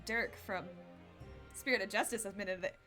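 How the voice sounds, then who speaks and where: A woman's voice: mid-range voice, normal speed, bright, forceful tone, faint music behind. A woman streamer giving casual, chatty commentary while playing a game, giggly and self-deprecating.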